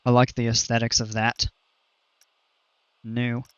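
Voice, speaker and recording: Slow laid-back male streamer on a headset. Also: mid-range voice, completely flat delivery, clean tone, dry recording, lo-fi sound. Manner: laid-back, chuckles often, trails off mid-sentence. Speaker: game streamer. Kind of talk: casual live-stream chat.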